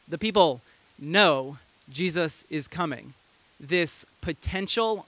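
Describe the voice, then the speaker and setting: Higher-voiced pastor, dry sound. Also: male voice, fairly bright tone, no echo. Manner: conversational storytelling with amused asides. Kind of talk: sermon.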